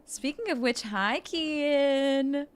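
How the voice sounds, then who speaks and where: A woman game streamer chatting casually with her viewers while playing, bubbly and excitable, playful and joking. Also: sits high, extremely slow. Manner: bubbly and excitable, with gasps and giggles; playful, jokes and role-plays as a mermaid.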